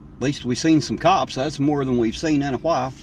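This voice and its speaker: A man's voice: medium pitch, brisk, a little mellow. A man from southern Ohio with a drawl, chatting casually and folksily on a live stream while driving. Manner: laid-back, folksy, rambling. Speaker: livestreamer. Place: inside a car driving at night. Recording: distant mic with faint road noise.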